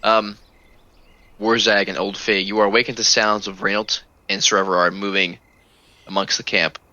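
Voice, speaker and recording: Male game master, crisp, forceful tone, steady descriptive narration; dull, muffled recording. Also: on the low side, moderate pace.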